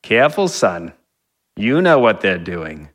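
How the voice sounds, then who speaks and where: A man's voice: lowish voice, big pitch swings, measured pace, a bit bright, heavily acted. A man playing a smug, menacing old jock. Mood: taunting. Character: older male aging athlete, menacing, smug bully.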